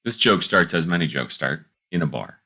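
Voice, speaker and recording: A man co-hosting a casual podcast, telling a long joke and slipping into quick voices for its characters. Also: low voice, breathy edge. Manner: animated storyteller doing quick character voices. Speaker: podcast co-host.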